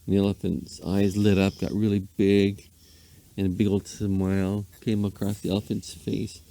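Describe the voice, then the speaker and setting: A man's voice: on the low side, monotone, moderate pace, creaky, dark tone. A man, a dad, rambling playfully through an improvised bedtime story. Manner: rambling, playful, with silly asides.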